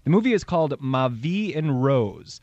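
A man's voice: mid-range voice, big pitch swings, moderate pace, a little mellow, no room sound, muffled recording. A man hosting a call-in radio show and giving psychic readings, chatty and upbeat, laughing easily. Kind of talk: casual call-in radio talk.

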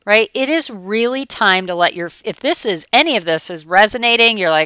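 A middle-aged woman coach talks in a chatty, animated way, slipping into her clients' voices. Her voice is bright and smooth, and the recording is dry and close with no room sound. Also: mid-range voice, normal speed, no room sound. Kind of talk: motivational talk.

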